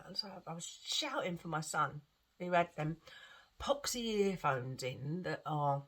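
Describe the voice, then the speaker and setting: A woman's voice: lowish voice, husky. A woman with a lingering cough, rambling and repeating herself as she tells a story in a chatty vlog. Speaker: vlogger.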